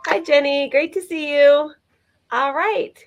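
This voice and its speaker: A woman's voice: high-pitched, slow, dull audio, faint music behind. A woman co-hosting a live vintage sale, chatting enthusiastically as she describes items. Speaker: vintage seller co-host.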